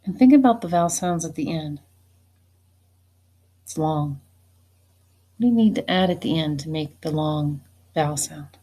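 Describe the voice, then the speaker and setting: A woman teacher giving a spelling test, saying each word slowly and deliberately and then saying it again. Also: low-pitched, dark tone. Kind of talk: slow spelling dictation.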